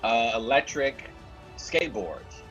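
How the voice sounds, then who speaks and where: A man's voice: mid-range voice, expressive, takes it slowly, fairly bright tone, muffled recording, faint music behind. A man co-hosting from a remote line, laughing and firing back good-naturedly in casual banter. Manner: laughing, mock-defensive ribbing. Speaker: co-host calling in.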